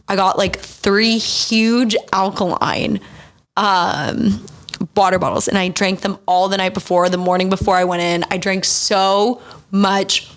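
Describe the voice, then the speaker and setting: Young woman, podcast host, casual confessional storytelling, blunt and swearing, mid-pitched voice. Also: steady tone, takes it slowly. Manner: candid and profane, storytelling.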